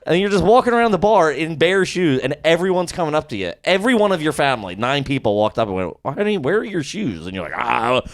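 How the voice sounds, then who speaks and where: A man's voice: on the high side, very animated, fast, hardly any pauses. A man co-hosting a podcast, telling a rambling story full of swearing and quoted back-and-forth. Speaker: podcast co-host. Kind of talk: casual storytelling chat.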